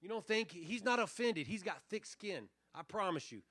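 A man preaching a revival sermon as pastor, earnest, sinking almost to a hush and then swelling on key phrases. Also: sits high, lively intonation, moderate pace, no echo. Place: church revival service.

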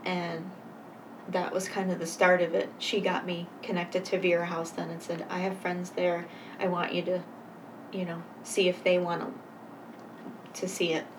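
A woman guest telling her personal story in a conversation, earnest and halting, pausing to reflect. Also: lowish voice, monotone. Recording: voice a bit far from mic, faint noise.

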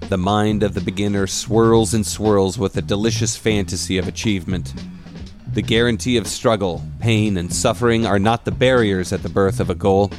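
A man hosting a podcast, reading a scripted narration in a measured, reflective way. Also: fairly low pitch, over music. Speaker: podcast host.

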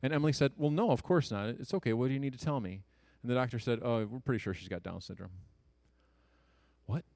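A gravelly, mid-range voice belongs to an Ohio man in his thirties telling listeners a story from his own life. He's earnest and conversational, with fast jokes and hushed asides, and there's no room sound.

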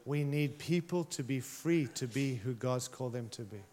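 A man's voice: medium pitch, normal speed, a little mellow. A man preaching a sermon, emphatic and passionate, challenging his listeners directly. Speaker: pastor.

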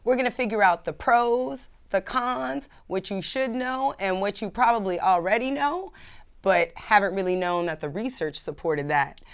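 A woman from California hosting a radio talk show as a sex educator, telling stories in an animated, chatty way. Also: mid-range voice, normal speed, clear, resonant tone. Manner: animated, chatty storytelling with laughs.

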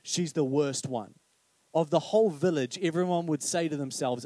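A male pastor with a slightly high voice gives an animated, conversational sermon at normal speed, in a dry recording. He frequently asks "right?" and acts out the voices he quotes.

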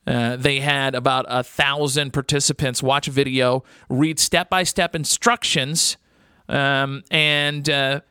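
Bright, chatty radio host. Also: male voice, medium pitch, steady tone, slow pace, clear, resonant tone, no echo, studio quality. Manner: rambling, joking, chatty with many fillers. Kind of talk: casual radio talk. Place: radio studio.

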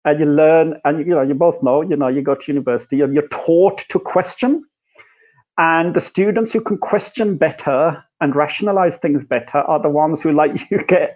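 An animated man explains his ideas in a reflective conversation, piling up rhetorical questions and tag questions. His voice sits slightly high for a man. The recording is dull and lo-fi. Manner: animated, rhetorical, frequent "right?" and "you know". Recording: dull lo-fi sound.

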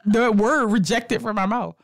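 A woman's voice: a little high, normal speed, vocal fry, no echo, studio quality. A woman co-hosting a podcast, chatting casually, blunt and profane as she tells stories with lots of energy. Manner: blunt, profane, animated storytelling. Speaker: podcast co-host. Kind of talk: casual chat.

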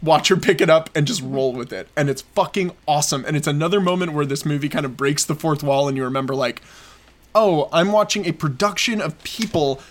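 A man co-hosting a podcast, telling stories in a casual, excitable, rambling way with lots of fillers. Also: fairly high pitch, quick pace, hardly any pauses. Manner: excited, rambling storytelling with frequent fillers and laughs. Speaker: podcast co-host. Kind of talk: casual chat.

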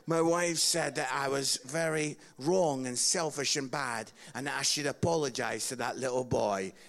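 Scottish male preacher, gravelly, comic storyteller turned earnest. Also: mid-range voice, moderate pace. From Scotland. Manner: tells funny stories with loud laughing peaks, then drops to quiet earnest appeals.

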